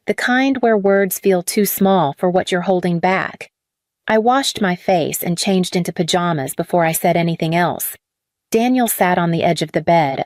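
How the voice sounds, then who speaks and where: A woman reading a scripted first-person drama story in a measured, even way. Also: lowish voice, no echo, clean studio sound. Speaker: story narrator.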